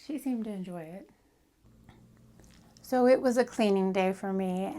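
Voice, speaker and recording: A woman telling a personal story in a casual storytelling style, often dropping to a hushed whisper for suspense. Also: medium pitch. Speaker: storytime vlogger.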